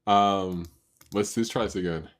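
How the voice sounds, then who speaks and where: A man runs a live stream with a relaxed, slangy, joking way of talking, shouting out viewers as he goes. His voice sits somewhat low. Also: measured pace, heavy background noise. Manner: loose and joking, slangy, laughs often. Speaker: livestream host. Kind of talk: casual live stream chat.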